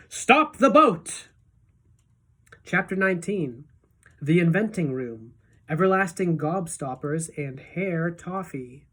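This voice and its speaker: A woman teacher reading a children's novel aloud to her class in a steady, even storytelling voice. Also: fairly low pitch.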